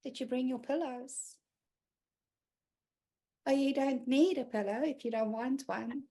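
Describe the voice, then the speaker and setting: Animated woman hosting a video-call session. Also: high-pitched, a little slow. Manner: animated, laughs often, acts out quotes. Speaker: group session host. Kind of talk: casual online group session.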